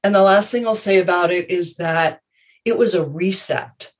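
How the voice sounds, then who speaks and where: A woman guest speaking in a measured, reflective way, telling personal stories in a conversation. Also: on the low side.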